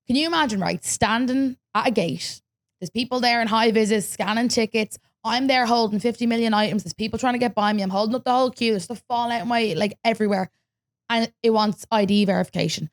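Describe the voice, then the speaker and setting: A young Irish woman hosting a podcast, telling a story in casual chat, lively and swearing freely as she acts out what people said. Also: medium pitch. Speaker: podcast host.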